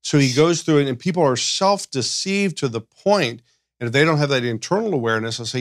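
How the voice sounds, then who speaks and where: Man, counselor, podcast discussion, animated, acts out quotes, dry close sound. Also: mid-range voice, fairly quick, no room sound.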